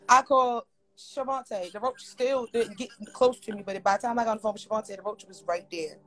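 A woman's voice: on the high side, a little fast. A woman telling a long, profane story in casual chat, repeating words for effect. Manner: animated, profane, repetitive storytelling. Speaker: storyteller on a livestream.

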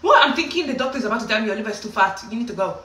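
A woman telling a story casually to camera in an animated way, often slipping into acted voices. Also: fairly high pitch, racing. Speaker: vlogger. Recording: echoey room, distant from the mic.

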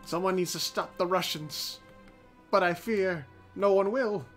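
A man giving casual, unscripted let's-play commentary as the channel host, swearing freely, thinking out loud and often restarting his sentences. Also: high voice, measured pace. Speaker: host of a strategy game channel. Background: faint background music.

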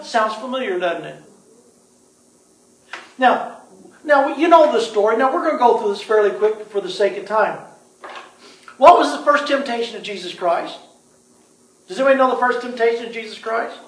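A man with a notably high voice preaches in a lively, bantering way, coaxing the congregation to call out answers. He is picked up from a distance, and the room rings with echo. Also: moderate pace, pauses often. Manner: lively, prompts the congregation to answer, joking asides. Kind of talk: sermon with call-and-response.

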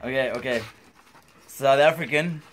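A woman's voice: extremely low pitch, measured pace. A woman guest in a radio studio, teasing and laughing through a game of singing in put-on accents. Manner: teasing, loud and laughing, sings in a put-on South African accent. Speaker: stage actor guest.

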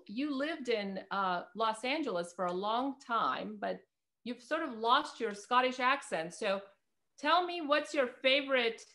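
A woman's voice: fairly high pitch, bright, forceful tone. A woman hosting an interview, upbeat and friendly as she asks her questions. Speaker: host. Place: California.

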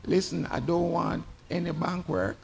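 A humble, unbothered woman speaks softly and firmly, as a man quotes her. Her tone is low and gravelly, with a faint creak, settled and at peace. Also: measured pace, slight background noise.

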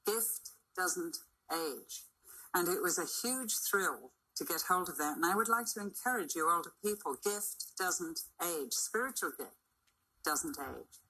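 An older woman preaching a sermon to a church, emphatic and dramatic, with sudden swings in pitch and loudness. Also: lively intonation, moderate pace, slightly rough, low-quality recording.

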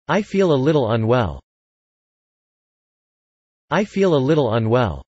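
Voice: medium pitch, huge pitch swings, slow pace, pauses often, darkish tone, husky, no echo, dull audio. An English teacher reading short practice phrases, saying each one several times with careful pacing. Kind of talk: slow, repeated practice phrases.

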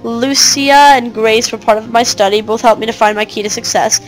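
A woman voicing a smug, manipulative old male asylum doctor who lectures calmly. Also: on the high side, moderate pace, faint music behind, close to an everyday voice, poor audio.

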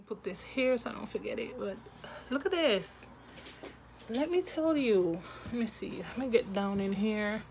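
A woman unboxing a gift box in a vlog, gushing and excitable, often repeating her words. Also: a little high, slow pace, long pauses, slight background noise. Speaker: product reviewer.

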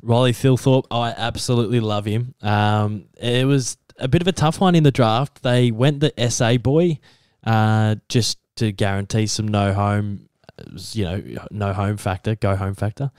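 A man with an Australian accent co-hosting a casual sports podcast, easygoing and quick to laugh. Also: mid-range voice, fairly even intonation, a little mellow, clear, resonant tone, no echo, clean studio sound. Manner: easygoing, laughs often, hedging. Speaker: podcast co-host.

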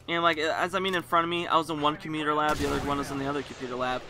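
A man's voice: fairly high pitch, little pitch movement, racing, hardly any pauses, music in the background. A young man telling a story in a rambling, chatty vlog style, swearing freely as he goes. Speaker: vlogger. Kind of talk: casual storytelling.

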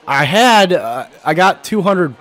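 A hoarse man giving casual, excitable commentary while playing a baseball video game, often swearing and shouting at the players. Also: high voice, slow pace. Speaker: gaming channel host.

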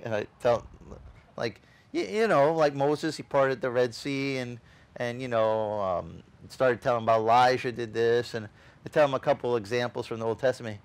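A man's voice: medium pitch, normal speed, clear, resonant tone. A male pastor preaching a conversational sermon. He tells a personal story and acts out the other people's lines, with frequent restarts, and speaks straight to the congregation. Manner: animated storyteller who acts out quoted dialogue, with frequent restarts; chatty, addresses the congregation directly.

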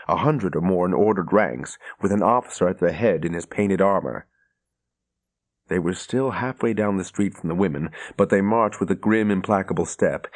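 A man reading a fantasy audiobook in scripted narration, measured and steady. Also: low voice.

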